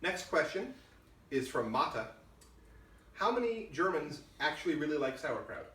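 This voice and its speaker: A man's voice: fairly high pitch, big pitch swings, normal speed, a bit bright. Dry-voiced man reading questions. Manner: dry, matter-of-fact reading of names. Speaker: host reading backer questions. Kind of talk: casual chat. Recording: echoey room from far off, faint noise.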